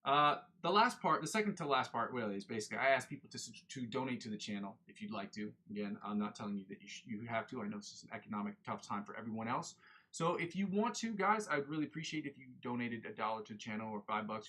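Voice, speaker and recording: A man's voice: mid-range voice, a bit bright. A young man hosting a guitar livestream, chatting in a rambling, self-correcting way. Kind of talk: casual livestream chat.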